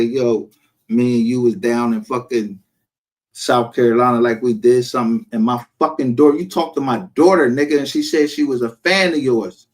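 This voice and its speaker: Male livestream host, middle pitch, brash and profane, laughs through his commentary.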